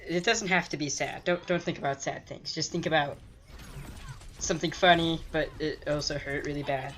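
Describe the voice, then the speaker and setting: A man's voice: fairly high pitch, moderate pace, fairly bright tone. A teenage boy co-hosting a gaming chat, joking and teasing his friend. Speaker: gaming channel co-host. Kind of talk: casual chat over a game call.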